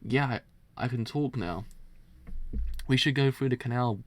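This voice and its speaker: A man's voice: medium pitch, a little slow, natural voice. A man reading aloud the lines of a panicked young male gang member from a manga, in a near-ordinary voice. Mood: hurried.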